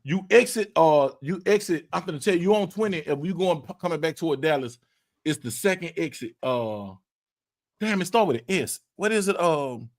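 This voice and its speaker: Animated man telling a story. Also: fairly high pitch, a little fast. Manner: animated storyteller, repeats words, cusses, acts out quotes. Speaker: podcast host. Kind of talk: casual storytelling chat.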